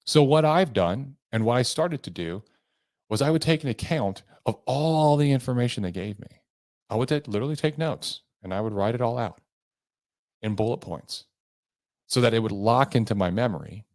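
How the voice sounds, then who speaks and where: A man's voice: medium pitch, animated, moderate pace, a little mellow, no room sound, clean studio sound. A man hosting his own podcast, coaching listeners on sales in an emphatic, motivational way, shifting pace and tone for effect. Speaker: podcast host and sales trainer. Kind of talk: motivational solo podcast talk.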